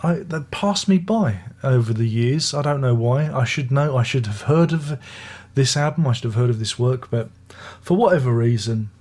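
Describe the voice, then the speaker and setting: An older British man, a music reviewer, talks through an album casually and ramblingly, frequently restarting sentences and tossing in chatty asides. His voice is medium-pitched and slightly mellow, moving at a normal speed with few pauses.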